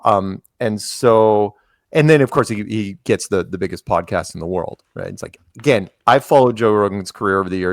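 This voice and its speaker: A man with a low, gravelly voice chats as a podcast guest. He wanders through long anecdotes and slips into little acted quotes. The sound is close and dry. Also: moderate pace, no echo. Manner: rambling anecdotes, acts out quotes. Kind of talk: casual conversational storytelling.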